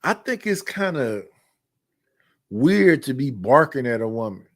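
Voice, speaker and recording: A podcast host in his fifties tells personal stories in an unhurried, medium-pitched voice that swings widely in pitch. His chat is casual, blunt and candid, and he tends to repeat his phrasing.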